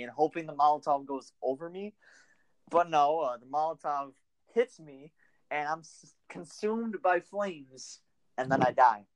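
A man's voice: fairly high pitch, unhurried. A young man co-hosting a casual gaming chat, rambling with many filler words and laughing often. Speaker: podcast co-host. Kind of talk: casual chat about a video game.

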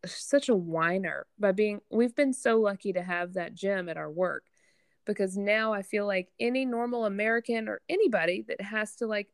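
A woman with a mid-range voice that drops into gravelly fry as she talks. She vents candidly in casual chat, a little self-deprecating. The recording is close and dry. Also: medium pitch, no room sound.

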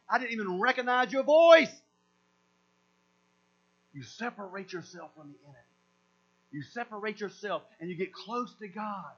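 A man's voice: sits high, fairly bright tone. A man preaching a sermon as pastor, emphatic and repetitive, often doubling back on his words. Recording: dull lo-fi sound with mains hum.

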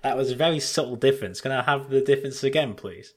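A man's voice: medium pitch, fast. A man co-hosting a podcast in casual comedic chat, giggly and self-mocking, often tripping over his words. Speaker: podcast co-host.

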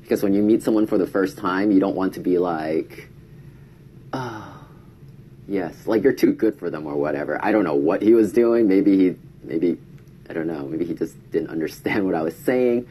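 A man's voice: sits low, a little fast, warm tone, slight background noise. A man telling a casual story to camera, chatty, acting out quoted lines in a raised voice. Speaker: vlogger.

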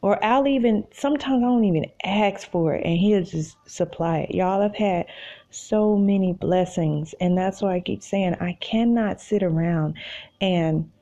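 A woman, hosting a podcast alone from her bed at home, talking in an animated, rambling and self-encouraging way. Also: on the low side, muffled recording. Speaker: podcast host. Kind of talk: casual solo podcast monologue.

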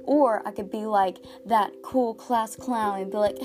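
A woman's voice: fairly high pitch, fairly even intonation, moderate pace, few pauses. Chatty teenage girl over guitar music. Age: teens. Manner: chatty, exaggerated, lots of "like". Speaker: podcast host. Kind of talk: casual comedic monologue.

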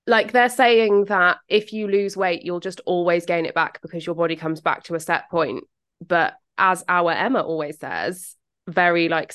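A British woman co-hosts a podcast, chatting casually in a well-spoken, carefully enunciated way, with the occasional swear. Her voice is fairly low and a bit bright.

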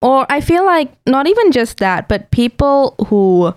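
A woman co-hosting a podcast, chatting expressively and laughing. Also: measured pace. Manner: expressive, laughing, rises high when exasperated. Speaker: podcast co-host. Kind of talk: casual chat.

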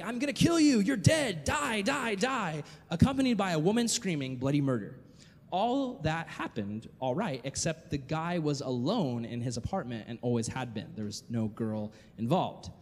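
A man's voice: a little high, animated, normal speed, darkish tone. A man preaching a sermon, reading scripture aloud and asking the listeners rhetorical questions. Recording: long hall reverb.

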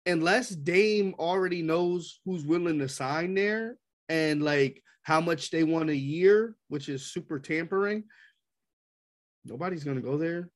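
Dude going off about basketball trades, kinda high-ish voice, all worked up. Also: male voice, measured pace. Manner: animated, ranting, quoting people in voices. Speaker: sports talk co-host. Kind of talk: heated casual sports debate.

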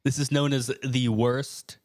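Male podcast co-host, casual chat, laid-back, matter-of-fact, mid-pitched voice. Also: flat delivery, measured pace, a little mellow, dry recording, studio quality.

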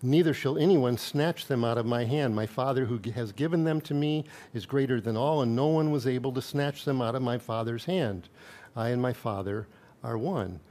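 Male pastor, mid-pitched, conversational sermon delivery with scripture readings and asides. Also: normal speed, dark tone. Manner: conversational preaching, reads scripture aloud with asides and chuckles.

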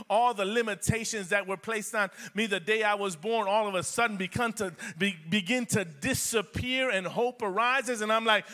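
A man's voice: high-pitched, bright, forceful tone. A man preaching a sermon in a church as pastor, repeating phrases and building emphasis. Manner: preaching with rising emphasis and repetition.

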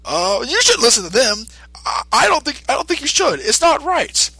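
A man voicing a boastful but cowardly male fighting champion who stammers excitably. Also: very high-pitched, moderate pace, gravelly, husky, no echo, voice pushed up, exaggerated voice. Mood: nervous.

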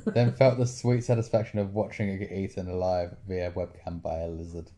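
A man co-hosting a podcast who reads out list entries between easy chat. His voice is low and mellow, and his replies are dry and short. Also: little pitch movement, fairly quick. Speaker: podcast co-host. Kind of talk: reading out list entries and chatting.

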